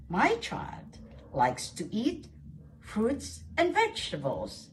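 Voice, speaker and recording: A woman hosting a radio German lesson, saying each word slowly and carefully and then repeating it. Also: a little high, wildly swooping pitch, a little hiss or hum. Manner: slow, carefully enunciated teaching with repeated phrases. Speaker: German language segment host. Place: radio studio.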